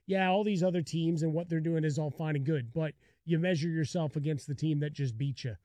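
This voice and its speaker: A man co-hosting a sports radio show, talking quickly with restarts and joking with his partner. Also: on the high side, mellow, no room sound.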